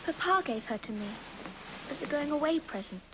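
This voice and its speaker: A woman's voice: high voice, lively intonation, a little fast. A young actress playing a polite, well-spoken, earnest schoolgirl in a 1980s television drama. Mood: gentle. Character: polite, poised schoolgirl heroine. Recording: very noisy 1980s TV soundtrack.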